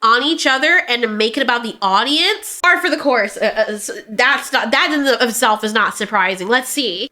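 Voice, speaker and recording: A high, bright woman's voice ranting in animated reaction commentary. She is blunt and sarcastic and swears freely, breaking into laughter now and then between her points. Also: normal speed, hardly any pauses. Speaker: reaction streamer.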